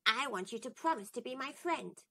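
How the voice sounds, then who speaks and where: A woman voicing a small persistent talking frog in a storybook, adding croaks to his lines. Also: high-pitched, expressive, normal speed, a bit bright, exaggerated voice. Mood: insistent. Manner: croaks "ribbit" between lines.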